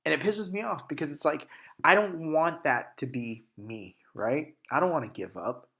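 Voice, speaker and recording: A man's voice: on the high side, moderate pace, gravelly, pushed and bright. A man in his sixties hosting a podcast, giving a blunt, profane motivational monologue with sudden emphatic bursts. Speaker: podcast host.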